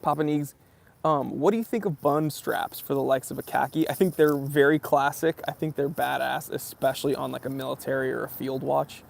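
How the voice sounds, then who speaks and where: A man's voice: mid-range voice, steady tone, a little fast, creaky. A young American man hosting a watch channel livestream, casually chatting and answering viewer comments in a laid-back, bro-ish way. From United States.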